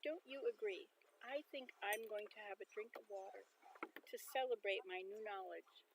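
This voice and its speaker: A woman's voice: mid-range voice, moderate pace, gravelly, noisy background. A woman hosting a casual livestream, chatting and musing aloud as she sounds out words. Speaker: livestream host.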